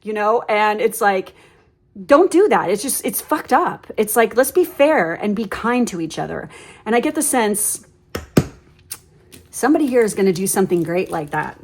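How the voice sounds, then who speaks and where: A woman giving a casual tarot reading, telling stories bluntly with lots of swearing, "like" fillers and sudden animated outbursts. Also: mid-range voice, normal speed. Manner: blunt, ranting, swears freely; animated storyteller with many fillers. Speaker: tarot reader.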